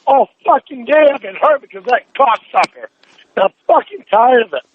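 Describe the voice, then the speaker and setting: Enraged, cursing man on a phone call, very high voice, muffled line. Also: animated, brisk, a little hiss or hum. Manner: furious, swearing nonstop, demanding. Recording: dull phone line recording.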